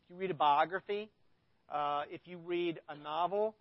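A man's voice: fairly high pitch, normal speed, dry recording, muffled recording. A man preaching a sermon as a pastor, talking casually and reading scripture aloud with rising emphasis. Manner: conversational, reads scripture with emphasis.

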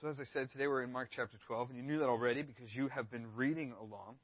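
A man in his thirties, a youth pastor, preaching a sermon with a relaxed storytelling manner. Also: mid-range voice, very fast, dry recording, lo-fi sound. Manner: laid-back, storytelling, acts out quoted voices.

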